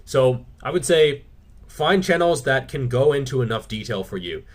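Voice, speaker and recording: A man's voice: mid-range voice, lively intonation, normal speed. A man hosting his own fitness channel, answering viewer questions in a casual, blunt, opinionated way and swearing freely. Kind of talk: casual Q&A monologue.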